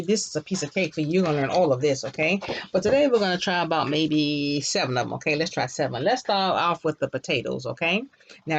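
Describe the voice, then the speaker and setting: A teacher giving a grade-school Spanish vocabulary lesson, repeating each word and prompting the class to say it back. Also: medium pitch. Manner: drills words with repetition and call-and-response prompts.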